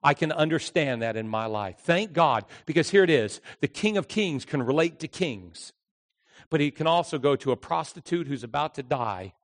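Male pastor, fairly high voice, dramatic swings from loud to hushed, big echoing hall. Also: animated, moderate pace. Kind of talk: Christmas sermon. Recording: long hall reverb.

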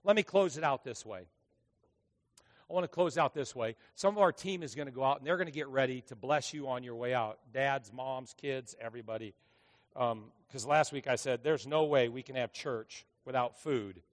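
A man's voice: mid-range voice, normal speed. A middle-aged man preaching a sermon as pastor, telling stories with jokes and acting out the voices of people in them. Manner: animated, joking storyteller who acts out voices.

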